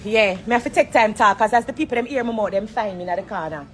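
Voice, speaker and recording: A woman's voice: medium pitch, quick pace, a little hiss or hum. A Jamaican woman on a phone live stream, ranting bluntly and cursing from a corner of an airport. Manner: blunt, confrontational, swears freely. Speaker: entertainer on a social media live. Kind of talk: heated live-stream rant.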